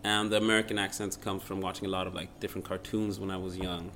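A man's voice: sits low, quick pace, slight background noise. A man whose first language is Swedish, a radio presenter and podcast guest, telling stories animatedly and acting out quotes. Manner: animated storyteller, acts out quotes. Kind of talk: casual interview chat.

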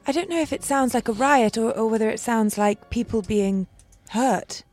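Woman player in an improv dungeon game, prim polite phrasing, slightly high voice. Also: normal speed, darkish tone, faint music behind. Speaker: player in improvised role-play. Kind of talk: in-character improv role-play.

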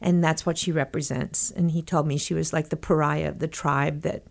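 Older lady from texas, lowish voice, animated storyteller in an interview, laughs a lot. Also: normal speed, creaky. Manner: lively storyteller, acts out quotes, laughs often. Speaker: guest.

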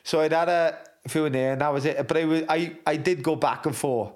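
A man's voice: on the high side, a little fast, a little mellow. Blunt, swearing Welsh man. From Wales. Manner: blunt, heavy swearing, frequent restarts. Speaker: interview guest, former rugby captain. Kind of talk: candid conversational interview.

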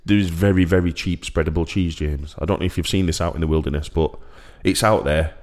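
A man co-hosting a comedy podcast, chatting casually and ranting in an excitable way that jumps up into high squeaky bursts. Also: quick pace. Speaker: podcast co-host.

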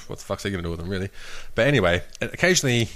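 A man's voice: lowish voice, lively intonation, very fast, a bit bright. A man co-hosting a podcast in casual chat, telling sweary anecdotes with bursts of laughter. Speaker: podcast co-host.

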